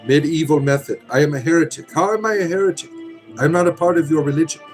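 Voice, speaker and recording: A man's voice: fairly high pitch, fast, faint music behind. Irreverent rambling male livestream host. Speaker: livestream host reading chat. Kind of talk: casual livestream chat.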